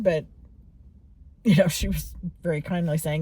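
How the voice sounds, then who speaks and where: A woman's voice: on the low side, lively intonation, normal speed, dark tone, husky. A woman in her forties talking candidly and rambling a little as she reflects on her own feelings in a personal vlog. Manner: candid, rambling, many fillers and restarts. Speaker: vlogger.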